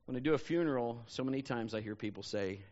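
A man's voice: medium pitch, fast, a little mellow, in a large hall. A male pastor delivering a sermon with a mid-range voice, talking as if to a friend and sprinkling in "you know". The recording sounds slightly dull and lo-fi. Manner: conversational, personal anecdotes, frequent "you know". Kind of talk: sermon storytelling.

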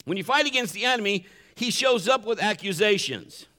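A man's voice: high-pitched, animated, a little fast, pushed and bright. Man preaching a conversational sermon. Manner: conversational preaching, acts out quoted voices. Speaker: pastor.

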